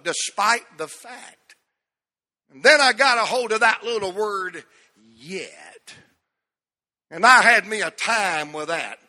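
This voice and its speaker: A man's voice: high-pitched, bright, forceful tone, long reverb tail. A man in his sixties preaching a sermon as pastor in a church, emphatic and repeating key words for stress. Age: 60s.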